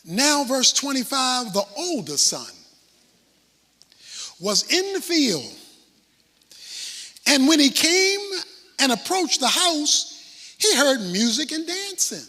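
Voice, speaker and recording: A man preaching a sermon, dramatic, swinging from shouts to hushed asides. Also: very high-pitched, very animated, slow pace, pauses often, long reverb tail.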